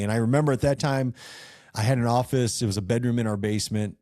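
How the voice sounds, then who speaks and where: A man's voice: mid-range voice, fast, dark tone, no room sound, clean studio sound. Earnest rambling man telling his story. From rural northeast Missouri. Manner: earnest, rambling with many fillers and restarts. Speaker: company founder, podcast guest. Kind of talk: casual interview storytelling.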